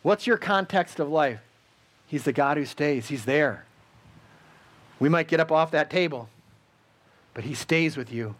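A man preaching a sermon in an earnest, repetitive cadence with pauses, then leading a prayer. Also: a little high. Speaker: pastor.

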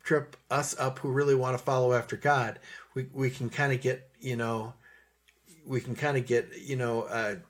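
A man delivers a sermon in a relaxed, conversational way, circling back over his points and letting his voice fall soft on the gentle passages. His voice is husky, with a pitch sitting in the ordinary middle range for a man. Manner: conversational, repeats himself, drops to soft tones for gentle passages. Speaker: preacher.

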